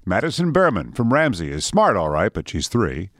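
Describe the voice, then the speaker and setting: A man in his fifties reading the radio morning news as anchor, brisk and a little wry. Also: lowish voice, wildly swooping pitch, a bit bright, no echo, studio quality. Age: 50s.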